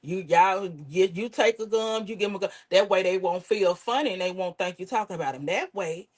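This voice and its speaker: A woman's voice: medium pitch, a little fast. A woman comedian, telling candid stories in a casual interview and acting out her relatives' voices. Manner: lively, swears, acts out relatives' voices. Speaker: comedian guest.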